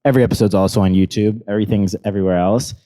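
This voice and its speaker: A man's voice: lowish voice, steady tone, very fast, dark tone. Laid-back young man hosting. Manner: loose, filler-heavy talk. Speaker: podcast host. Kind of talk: casual podcast chat.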